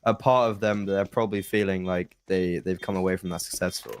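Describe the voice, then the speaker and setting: A man's voice: low voice, steady tone, a little fast. A man doing color commentary on a live esports match, thinking aloud with restarts, with a runny nose. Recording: faint background noise.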